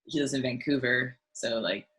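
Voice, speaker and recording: A woman musician chatting as an interview guest, telling stories in an animated way with frequent "like"s and restarts. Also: extremely low pitch, moderate pace, poor audio. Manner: animated storytelling, lots of "like" and restarts. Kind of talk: casual interview chat.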